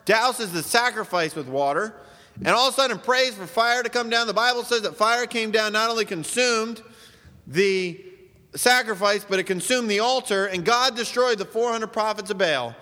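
A man's voice: high voice, normal speed, pushed and bright, in a large hall. A man preaching a sermon as pastor, emphatic and full of rhetorical questions.

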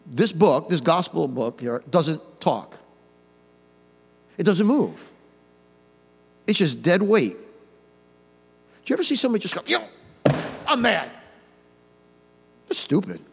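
A man preaching an old-fashioned hellfire sermon, swinging from quiet to loud with mocking asides. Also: on the high side, huge pitch swings, normal speed, pauses often, slightly rough, long reverb tail. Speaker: pastor.

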